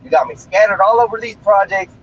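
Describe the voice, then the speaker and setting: A man's voice: sits high, fairly quick, a little hiss or hum, pitched above the performer's own voice, natural voice. A man voicing an exasperated female AI chatbot who scolds him for juggling too many projects. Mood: scolding. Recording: slightly dull lo-fi stream audio.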